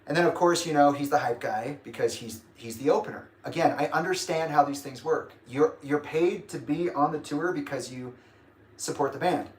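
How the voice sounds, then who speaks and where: A man ranting casually on a livestream, swearing and emphatic, with sudden bursts of shouting. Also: fairly high pitch, moderate pace. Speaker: livestream host.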